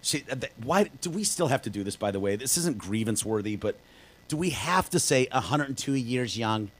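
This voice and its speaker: A man's voice: mid-range voice, sing-song, fairly quick, breathy edge, rough recording. A man co-hosting a podcast in casual chat, telling stories loosely with lots of fillers and swearing. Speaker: podcast co-host.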